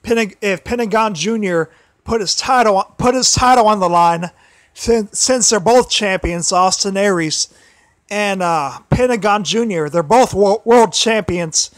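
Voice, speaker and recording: Male livestream host, high-pitched, throat worn and tired, stumbles and repeats himself; dry, close recording. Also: dry recording. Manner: halting, many restarts and repeated phrases. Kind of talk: casual solo livestream commentary.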